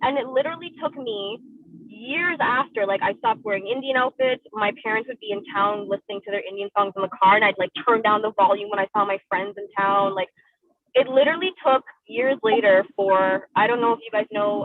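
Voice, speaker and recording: A woman's voice: medium pitch, brisk, no room sound. A woman from Trinidad telling a personal story on a video call, acting out the voices of the people in it. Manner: animated, acts out voices in her story. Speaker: community discussion participant. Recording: tinny call audio.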